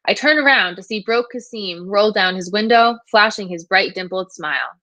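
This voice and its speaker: A woman teacher reads a novel aloud for her class in a steady first-person narration. Her pitch is mid-range and the recording is dry and close. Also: normal speed, no echo.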